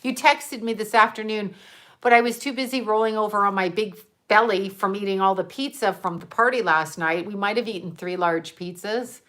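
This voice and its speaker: A woman talking casually to her livestream viewers. She rambles from one thing to the next with quick asides and frequent laughter, playful and animated throughout. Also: medium pitch. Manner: playful and animated, jumping between topics. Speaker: livestream host reading viewer comments.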